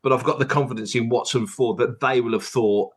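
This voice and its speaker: A man's voice: mid-range voice, fairly even intonation, fairly quick, husky. A man co-hosting a casual TV reaction chat, talking in a chatty, enthusiastic way with rambling asides. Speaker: podcast co-host.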